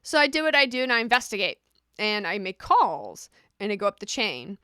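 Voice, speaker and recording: A woman's voice: medium pitch, very animated, fairly quick, bright, forceful tone, clear, resonant tone, no echo, studio quality. A woman vlogging casually, explaining things chattily and often repeating a rhetorical "right?".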